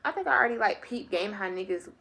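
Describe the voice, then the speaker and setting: A young adult woman telling a personal story to her viewers in a casual, animated and very profane way. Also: medium pitch, fast talker, gravelly. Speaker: vlogger.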